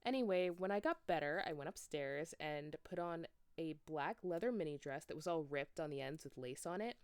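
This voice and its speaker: A woman's voice: low voice, animated, normal speed, clear, resonant tone, dry recording, studio quality. A woman giving a comedic, mock-dramatic reading of fan fiction, sometimes exasperated.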